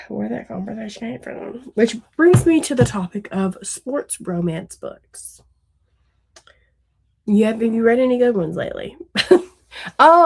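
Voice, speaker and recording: A woman, a mother of young kids, co-hosting a book podcast in casual chat, rambling and candid, laughing often and swearing freely. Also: mid-range voice. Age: adult with young children.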